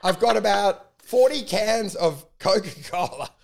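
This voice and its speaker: A man's voice: high voice, a little slow, creaky. A man telling a rambling story in casual chat, swearing a lot and acting out what people said. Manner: profane, animated storytelling with acted-out quotes. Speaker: comedian.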